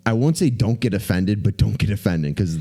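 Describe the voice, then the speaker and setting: A man co-hosting a podcast, telling a rambling, animated story in casual chat and swearing freely. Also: lowish voice, fairly quick. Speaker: podcast co-host.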